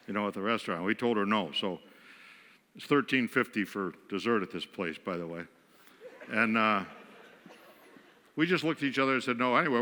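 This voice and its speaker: Married life is the subject as a guest preacher from western New York mocks himself with dry humor in a story-driven sermon. His medium-pitched voice sounds bright and forceful, ringing through the sanctuary's long reverb.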